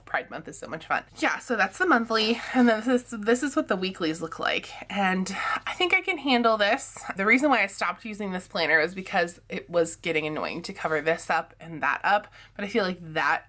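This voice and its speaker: Raspy-voiced woman chatting about planners. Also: medium pitch, fairly bright tone. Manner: chatty, rambling, laughs often. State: groggy morning voice. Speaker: planner vlogger. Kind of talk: casual chat to camera.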